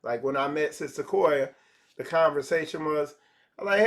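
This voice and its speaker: Speaking at a moderate pace in a slightly high voice, a man teaches a casual spiritual lesson over livestream. His talk is conversational, full of repeated phrases and small acted-out exchanges.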